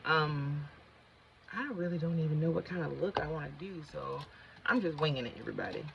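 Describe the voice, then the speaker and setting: A woman's voice: low voice, a little fast, vocal fry, noisy background. Rambling middle-aged woman telling a story. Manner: rambling, easily sidetracked; chatty, colloquial, addresses viewers as y'all. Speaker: vlogger. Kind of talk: casual storytelling while doing makeup. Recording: slightly dull lo-fi sound.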